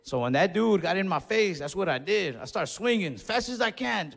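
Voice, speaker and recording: Young guy comic telling a story on stage, kinda high voice, swears a lot, long echo in the club. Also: animated, vocal fry, fairly bright tone. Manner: laid-back, profane, drawn-out storytelling. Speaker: stand-up comedian. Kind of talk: stand-up storytelling. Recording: long reverb and faint noise, club stage.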